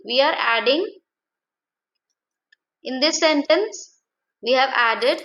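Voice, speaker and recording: A woman teaching a language lesson, explaining slowly and carefully, asking rhetorical questions and correcting herself as she goes. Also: on the high side, fairly bright tone, low-quality recording.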